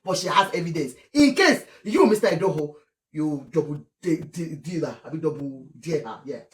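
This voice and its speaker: A Nigerian woman giving animated, scolding commentary on celebrity gossip, slipping between English, Yoruba and Pidgin. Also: low-pitched, moderate pace, roomy sound. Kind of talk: casual commentary vlog.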